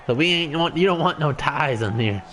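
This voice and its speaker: A man's voice: a little high, moderate pace. Chatty young man calling a video game. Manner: chatty, joking, excitable on big plays. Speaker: gaming YouTuber. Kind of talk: live play-by-play over a video game. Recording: noisy home recording.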